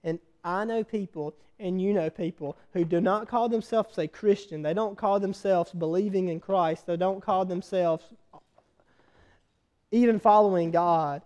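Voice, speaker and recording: A man preaching a sermon, retelling a scripture story with animated energy and quizzing his listeners. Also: high voice, measured pace, smooth.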